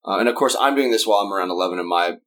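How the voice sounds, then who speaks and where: A man with a Southern American accent, a wedding band singer telling a story as a podcast guest, lively and quick to act out other people's lines. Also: deep voice, a little hiss or hum. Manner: animated, acts out quotes in raised voices. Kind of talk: casual storytelling.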